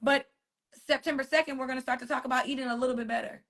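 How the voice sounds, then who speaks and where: An author and wellness coach hosts her weekly motivational live stream from her phone, keeping it casual. Her high-pitched, fairly bright voice races along in a steady tone as she talks emphatically, repeats phrases and chats with viewers.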